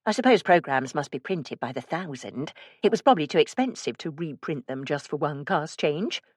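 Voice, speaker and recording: A woman narrating a first-person cozy mystery audiobook in a measured storytelling manner. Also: low-pitched, lively intonation, no room sound.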